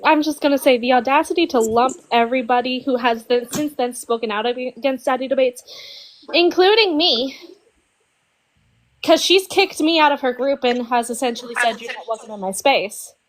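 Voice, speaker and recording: A woman's voice: sits high, moderate pace, rough recording. A woman in an online voice chat speaking bluntly and indignantly, swearing casually. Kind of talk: online voice-chat debate talk.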